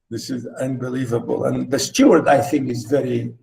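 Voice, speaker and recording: On a low-quality recording, a man teaching literature explains a play line by line, restating his ideas again and again. His medium-pitched voice is creaky and mellow with little pitch movement, and his delivery is repetitive and halting, full of fillers.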